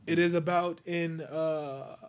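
A man's voice: fairly high pitch, fairly even intonation, slow, clean tone. A man hosting a casual podcast, chatting loosely and telling stories with acted-out quotes. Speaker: podcast host. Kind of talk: casual chat.

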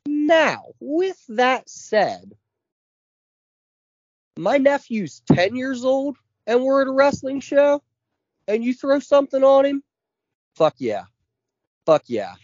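A man's voice: very high-pitched, sing-song, takes it slowly, pauses often, a little mellow, no echo, muffled recording. A man in his forties co-hosting a podcast, ranting with constant swearing and heavy emphasis. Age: 40s. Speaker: podcast co-host. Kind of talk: casual chat.

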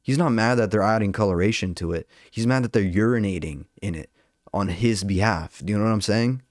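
A fired-up young man rants casually to his viewers, stumbling through filler words and swearing freely. His voice sits slightly low, and the recording is dry and close with no room sound. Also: fairly quick, no room sound. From Albanian heritage. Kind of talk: casual rant to camera.

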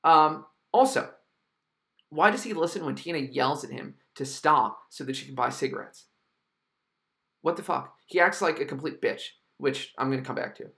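A man's voice: a little high, expressive, normal speed, gravelly, pushed and bright. A man hosting a solo podcast, reviewing a film in a sarcastic, exasperated rant full of swearing. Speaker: podcast host reviewing films.

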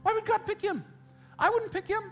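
High-voiced pastor preaching casually. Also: male voice, brisk, a bit bright, soft background music. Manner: conversational, direct, humorous asides to the congregation. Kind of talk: sermon.

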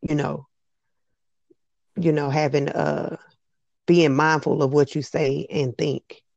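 A woman co-hosting a podcast in casual chat, affirming her partner in quick back-and-forth. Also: low-pitched, flat delivery, creaky, a little mellow, dry recording. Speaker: podcast co-host. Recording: dull dry lo-fi sound.

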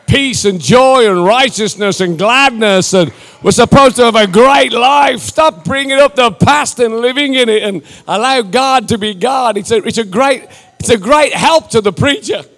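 A man preaching to a church, joking and animated, laughing often and rising almost to a shout. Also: extremely high pitch, moderate pace. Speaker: visiting missionary preacher. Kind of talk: sermon, casual and joking. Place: large church hall. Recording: live church hall with reverb and faint music.

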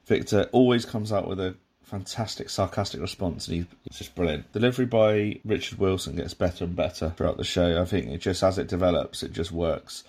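A man with a very low voice talks through a sitcom episode. His commentary is casual and rambling, full of restarts and side remarks. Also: brisk, hardly any pauses, darkish tone, a little hiss or hum. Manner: rambling, with many restarts and asides. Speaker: podcast host reviewing a sitcom.

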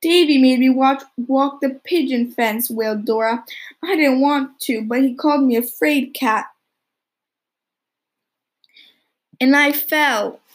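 A woman's voice: high voice, measured pace. A woman voicing a timid, proper little girl who speaks in a plaintive wail. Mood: tearful. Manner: wailing, plaintive.

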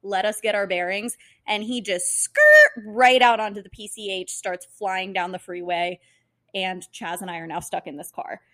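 A young woman co-hosting a casual podcast, with a voice at an everyday middle pitch. She talks in a chatty, easy way and laughs through her stories. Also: very animated, normal speed, bright, forceful tone. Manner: laughing, chatty, wraps up the episode. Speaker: podcast co-host. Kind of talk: casual storytelling chat.

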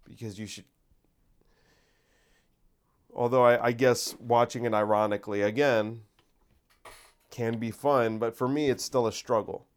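A man hosts his own casual monologue show, thinking out loud. He drifts in and out of focus and often interrupts himself. His voice is smooth and resonant, and his tone stays wry. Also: mid-range voice, steady tone, normal speed. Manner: rambling, distracted, self-interrupting, wry.

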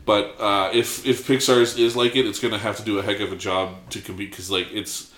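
A man's voice: fairly low pitch, flat delivery, brisk, fairly bright tone, roomy sound. A man co-hosting a podcast in casual chat, rambling and jokey with lots of fillers. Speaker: podcast co-host.

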